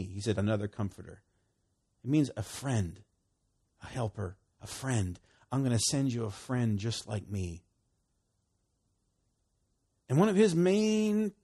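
Husky man preaching a lively sermon. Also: on the low side. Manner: lively and conversational, swinging from loud emphasis to hushed quiet, laughs often.

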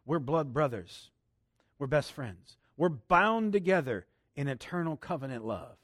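A man preaching with a high, buoyant voice that leaps up and down in pitch. He laughs often and swings between quiet asides and loud bursts. The sound is dry and close. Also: expressive, unhurried, dry recording. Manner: exuberant, laughing, shifts between hushed and loud; leads congregation in a loud spoken declaration. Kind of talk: sermon.

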